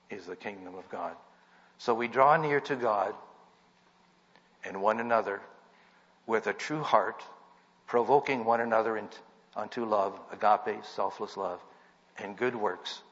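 A man's voice: fairly low pitch, a bit bright. A man delivering an earnest sermon that rises to emphatic peaks. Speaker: preacher. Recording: dull recording in a reverberant hall.

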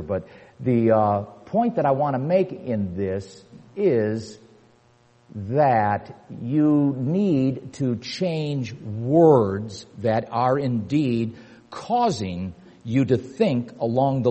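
Preaching with emphasis, an older man repeats his key words and climbs toward forceful climaxes. His voice sits at medium pitch with some breathiness, and the long reverb of a hall surrounds it.

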